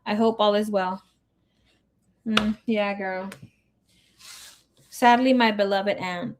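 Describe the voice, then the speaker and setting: A woman's voice: medium pitch, fairly even intonation, slow, long pauses, a little hiss or hum. A woman tarot reader chatting casually on a live stream. She reads viewer comments aloud and drops Spanish words into her English. She sounds emotional and grieving.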